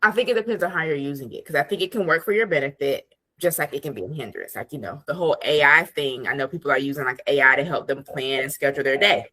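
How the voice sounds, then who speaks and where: A woman's voice: sits low, fast talker, a bit bright. A woman productivity coach speaking as a podcast guest from her home office desk over a video call. She chats casually with lots of "like" fillers and acts out quoted thoughts. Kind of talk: casual conversational interview.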